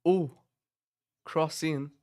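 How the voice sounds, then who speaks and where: A man hosting a casual live watch-along, chatting and rambling with bursts of excitement as he reacts to the match from his office. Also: a little high, drawn-out words, dry recording, clean studio sound.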